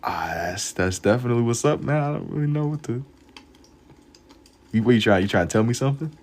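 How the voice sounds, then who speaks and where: A man's voice: mid-range voice, expressive, fairly quick, a little mellow. A young man casually chatting with his live-stream viewers while drawing, laid-back and full of slang. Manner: laid-back slang-heavy banter, reads chat aloud.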